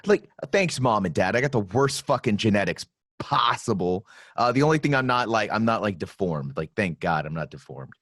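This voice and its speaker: A man hosting a podcast in casual chat, telling stories with lots of swearing and animated delivery. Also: on the low side, moderate pace, no room sound, clean studio sound. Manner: profane, animated storytelling. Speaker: podcast host.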